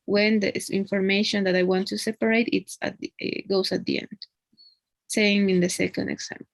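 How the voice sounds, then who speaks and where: A woman's voice: mid-range voice, flat delivery, moderate pace, creaky, no room sound, rough recording. A woman teaching an English grammar lesson one on one, explaining patiently and often checking in with a tag question.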